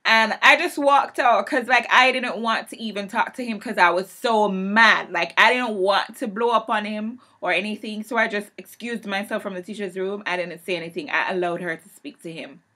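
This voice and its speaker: A woman vlogging a heated rant about her teaching job, her voice bright and ringing. She tells the story emphatically, climbing louder and higher whenever the anger comes back. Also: moderate pace, hardly any pauses. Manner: emphatic storytelling, swings loud and high when heated. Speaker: English teacher. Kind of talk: vlog rant.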